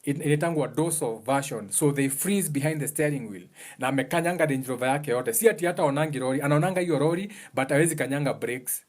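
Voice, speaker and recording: A man's voice: on the high side, fast, few pauses. A man with a Kenyan accent giving a casual motivational talk about emotions. He explains things earnestly and repeats his key points for emphasis. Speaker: speaker giving advice on emotions.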